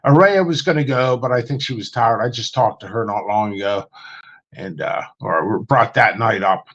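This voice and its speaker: A man with a fairly low, fairly bright voice speaks at a moderate pace in dull audio. As a guest on a livestream chat show, he tells stories casually, rambling with many ums and restarts. He puts on voices when quoting people.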